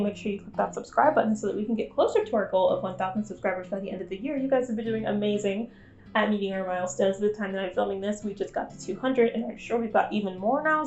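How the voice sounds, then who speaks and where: With faint guitar music in the background, a vlogger in her twenties talks frankly to the camera in a wry, self-mocking way. Her voice is medium-pitched, and the audio sounds dull.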